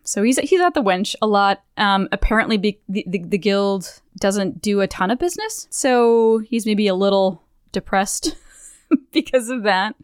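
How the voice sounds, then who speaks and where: A woman's voice: medium pitch, lively intonation, measured pace, clean tone, dry recording, studio quality. A woman co-hosting a podcast in casual chat, talking loosely with frequent laughs, swears and restarted sentences. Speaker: podcast co-host.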